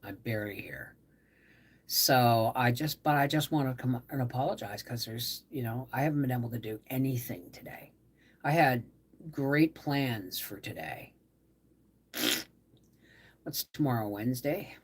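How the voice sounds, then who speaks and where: A middle-aged woman hosting a casual live stream, tired from a migraine, talking softly and trailing off as she greets viewers. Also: extremely low pitch, breathy edge. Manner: slow, soft-spoken, trailing off, greeting viewers warmly by name. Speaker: livestream host.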